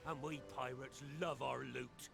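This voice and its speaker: A man's voice: medium pitch, fairly even intonation, unhurried, gravelly. An actor playing an old, weathered male pirate captain who lectures his crew in old-fashioned pirate speech. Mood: stern. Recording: game soundtrack music behind.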